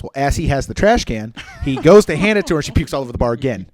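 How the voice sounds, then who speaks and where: A man with an ordinary mid-range voice rattles through a bar story at high speed, slipping into the voices of the people in it. The sound is dry and close, with no room around it. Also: no room sound. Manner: fast animated storyteller, acts out quotes, crude jokes. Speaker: podcast co-host, bar security lead. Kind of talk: casual storytelling chat.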